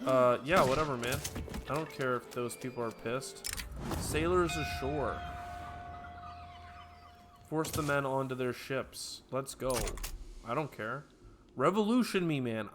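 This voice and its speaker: A man narrates his strategy game as he plays, switching between loud, excitable hype and low asides to himself. Game music plays clearly under his voice the whole time. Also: normal speed. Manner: excitable, hyped outbursts dropping to mutters. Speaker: let's play gamer. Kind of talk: gameplay commentary. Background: game background music.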